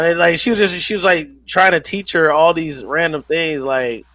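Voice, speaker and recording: A man co-hosting a podcast in casual chat, telling stories with an animated delivery and mimicking voices. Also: fairly high pitch, normal speed, no echo, rough recording. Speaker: podcast co-host.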